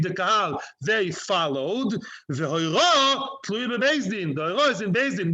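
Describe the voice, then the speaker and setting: A man teaching a Talmud lecture, lively and full of rhetorical questions, mixing Hebrew and Aramaic terms into his English. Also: sits high, muffled recording.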